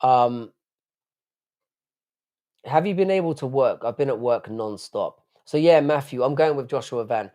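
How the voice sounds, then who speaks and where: A man's voice: medium pitch, expressive, unhurried, long pauses, darkish tone. A man from the United Kingdom hosting a late-night live stream, rambling casually, swearing often and answering chat messages aloud.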